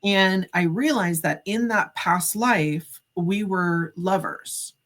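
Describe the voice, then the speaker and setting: A woman's voice: on the low side, takes it slowly. A middle-aged woman, a psychic medium, telling a story as a podcast guest, acting out the dialogue with many casual fillers. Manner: animated, acts out quoted dialogue, frequent "like" fillers.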